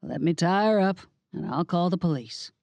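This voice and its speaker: Friendly, calm man, read by a woman narrator; easygoing, low-set. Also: moderate pace, no room sound. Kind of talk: audiobook character voice.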